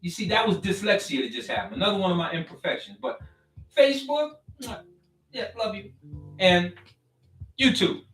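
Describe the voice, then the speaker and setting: A man's voice: sits high, moderate pace, pauses often. A man giving a casual, preachy motivational talk to his online followers. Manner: preachy and animated, with call-and-response asides. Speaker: vlogger talking to his followers. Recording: roomy and distant, faint music behind.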